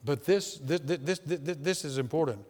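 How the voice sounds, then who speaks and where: A man's voice: fairly high pitch, normal speed. Emphatic male preacher in an echoing hall. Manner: emphatic, repetitive, shifts between loud and hushed. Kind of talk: sermon.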